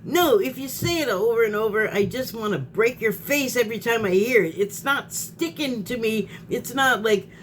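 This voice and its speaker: A woman's voice: a little high, normal speed, hardly any pauses, a little hiss or hum. A woman vlogger in a casual spoken monologue who rambles, restarts her sentences, laughs often and gets heated.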